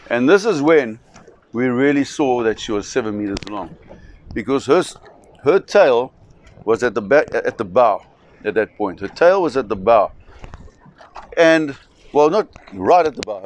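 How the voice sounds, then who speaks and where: A man telling a dramatic story vividly, often restarting phrases. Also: medium pitch. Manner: vivid, restarting, acts out voices. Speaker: shark expedition operator.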